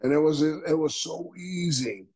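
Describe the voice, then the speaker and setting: A man, a retired wrestler telling animated stories in an interview, acting out voices and laughing often. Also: a little high, unhurried, breathy edge, low-quality recording. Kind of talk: storytelling interview.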